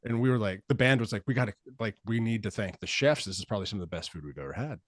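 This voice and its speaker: A man's voice: lowish voice, animated, rapid-fire, dry recording, studio quality. A man hosting a casual podcast chat, telling loose, profane stories with laughs. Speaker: podcast host.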